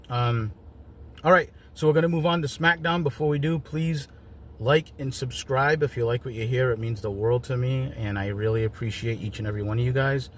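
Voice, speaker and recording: A man's voice: medium pitch, a little hiss or hum. A man giving a casual solo review of wrestling shows, chatty and wry, with lots of ums and joking asides.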